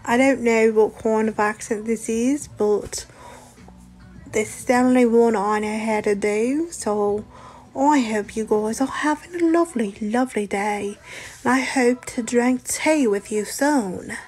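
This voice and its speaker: A woman's voice: fairly high pitch, a little slow, darkish tone, soft background music. A woman putting on a vague, half British, half Australian accent in a playful, sweet-talking way.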